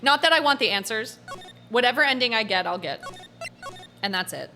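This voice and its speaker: A young woman streamer commentating casually on a game, animated and giggly, swearing now and then. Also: fairly high pitch, a little fast, faint music behind. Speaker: gaming streamer. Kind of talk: casual let's-play commentary.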